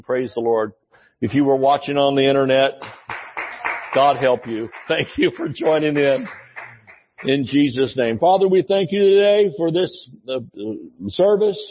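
A man preaching a sermon as pastor in a folksy way, repeating phrases for emphasis. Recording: dull low-fidelity audio.

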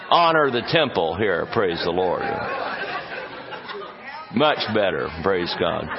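A man preaching a sermon as pastor, folksy and joking, stretching words for emphasis. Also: mid-range voice. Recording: dull muffled audio.

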